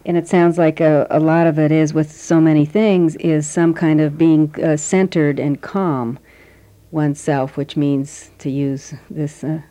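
A woman's voice: low-pitched, little pitch movement, unhurried, mellow. A woman interviewer asking thoughtful, probing follow-up questions in a conversational way.

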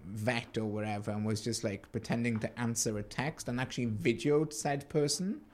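A man's voice: medium pitch, moderate pace, darkish tone. Chatty joking man co-hosting. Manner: chatty, joking asides, frequent restarts. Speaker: podcast co-host. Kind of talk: casual news chat.

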